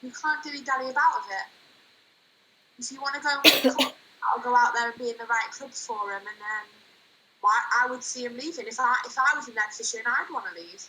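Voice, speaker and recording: A woman's voice: a little high, brisk, background noise. A young woman, co-hosting a casual football chat and giving blunt, plain-spoken opinions. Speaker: co-host.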